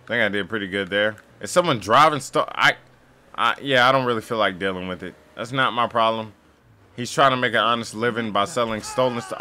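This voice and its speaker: A young man giving sarcastic, jokey commentary while playing a game, often yelling at it. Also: mid-range voice, brisk. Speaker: gaming YouTuber. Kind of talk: casual gameplay commentary.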